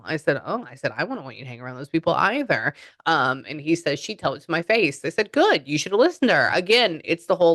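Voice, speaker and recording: A low-voiced woman working as a medium gives a chatty reading, with no echo on the recording. She passes along messages as quoted asides, her tone swinging from excitement to hushed murmurs.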